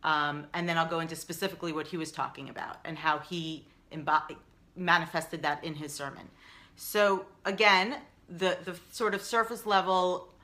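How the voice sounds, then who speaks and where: Low-voiced bright American woman. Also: normal speed. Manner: earnest, rambling with many ums and restarts. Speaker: live stream host, founder. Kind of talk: casual live stream talk.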